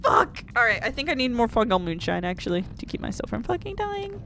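A young woman giving gameplay commentary at a desk microphone, swearing constantly and breaking into angry shouted outbursts. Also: a little high, big pitch swings, fairly quick, gravelly, a little hiss or hum. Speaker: let's play host.

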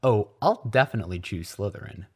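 A man voicing an excitable, boastful schoolboy who pushes his beliefs loudly and insistently. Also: fairly low pitch, normal speed. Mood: excited pushy. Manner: eager, loud, insistent.

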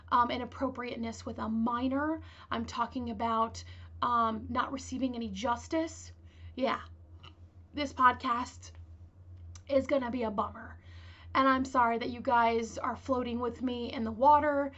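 A woman's voice: on the high side, bright, forceful tone, muffled recording. A woman hosting a casual true-crime podcast, rambling and chatty with lots of filler words. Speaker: podcast host.

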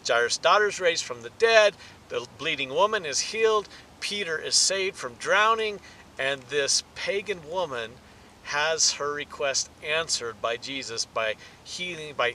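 High-voiced animated preacher man. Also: measured pace, a little hiss or hum, poor audio. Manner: animated, rises in pitch and volume for emphasis. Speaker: pastor. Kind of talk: sermon teaching.

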